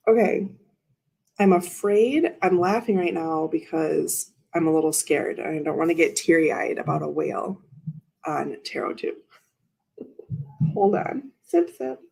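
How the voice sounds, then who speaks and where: Slow, gravelly-voiced woman chatting casually. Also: fairly low pitch, darkish tone. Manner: rambling, self-interrupting, talks to chat viewers. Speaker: tarot reader and livestream host. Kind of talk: casual livestream chat.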